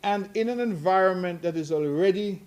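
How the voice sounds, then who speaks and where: At a press conference, a middle-aged head of government gives earnest, admonishing remarks that grow emphatic. His voice is high, brisk, and a little mellow.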